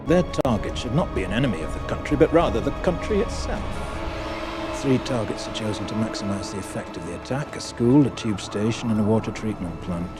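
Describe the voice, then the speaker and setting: An actor voicing a grave male narrator in a film who tells of a conspiracy in a measured, ominous way. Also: lowish voice, animated, close to an everyday voice. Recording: film soundtrack with loud music.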